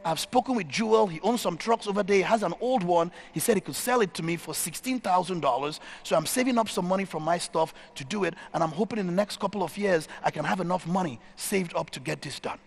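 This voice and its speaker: A man's voice: high voice, quick pace, vocal fry, hardly any pauses. A man voicing an eager young male food truck worker who speaks earnestly and pleads his case. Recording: hall reverb.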